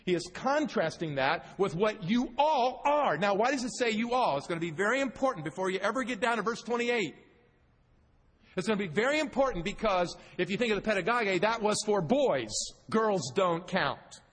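A man's voice: high voice, a bit bright, breathy edge, long reverb tail, rough recording. A man preaching an emphatic teaching sermon, putting questions to the congregation as he explains the text.

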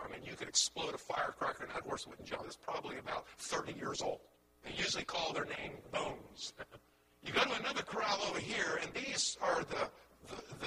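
A man preaching a sermon as pastor, impassioned, swinging from hushed lines to loud ones and repeating words as he builds a point. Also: high-pitched, heavy background noise.

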